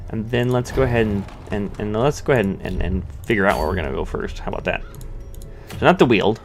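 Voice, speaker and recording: A man's voice: on the low side, quick pace. A man giving casual let's-play commentary, thinking aloud with many restarts and fillers. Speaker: gameplay commentator.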